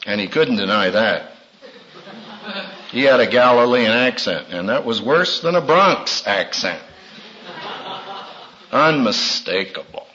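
A man preaching a sermon in a dramatic way, acting out quotes with big swings in pitch. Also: animated, slow pace, long pauses, bright, forceful tone, lo-fi sound, slight background noise.

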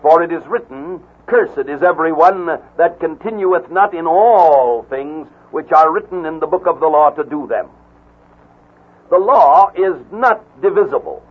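Husky man preaching over tinny radio. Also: fairly high pitch, lively intonation. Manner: slow, deliberate, emphatic reading of scripture. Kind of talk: radio Bible teaching.

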